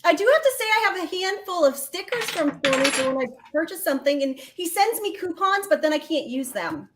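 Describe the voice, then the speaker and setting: High-voiced, chatty, laughing woman. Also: big pitch swings, a little fast, noisy background. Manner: chatty, laughs often, teasing. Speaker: co-host. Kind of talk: casual livestream chat.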